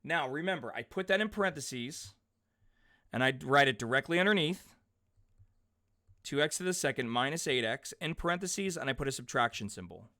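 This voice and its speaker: Chatty, bright-voiced math teacher in his forties. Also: mid-range voice, moderate pace. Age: 40s. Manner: chatty, animated storyteller, talks directly to students by name. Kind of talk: live class lecture with side stories.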